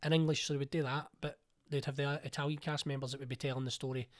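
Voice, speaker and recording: A man with a Glaswegian accent, an actor telling stories in a casual interview and acting out the lines he quotes. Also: racing. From Scotland. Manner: animated, acts out quotes with raised pitch. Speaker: actor and playwright, guest.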